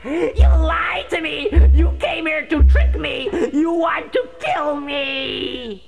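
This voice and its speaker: Frantic gasping witch, high and shrill, played by a woman; music bed. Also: big pitch swings, slow, phone-quality sound, heavily acted. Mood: frightened. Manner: shrieking, gasping, suspicious. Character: frantic fearful female witch, a medium.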